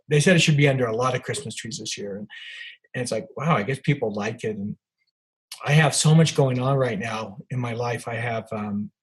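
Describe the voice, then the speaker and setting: A man's voice: medium pitch, breathy edge, low-quality recording. An older man, an author, telling rambling anecdotes as a podcast guest, with many restarts and fillers. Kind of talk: storytelling in a podcast interview.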